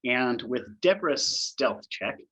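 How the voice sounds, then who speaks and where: A man's voice: medium pitch, animated, takes it slowly, a bit bright, husky. A man narrating as game master for a tabletop roleplaying game, talking loosely with lots of fillers.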